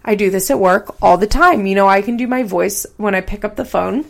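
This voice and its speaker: A woman's voice: medium pitch, fairly quick, gravelly, hardly any pauses. A woman hosting a podcast in casual, chatty commentary, swearing casually and saying "like" a lot.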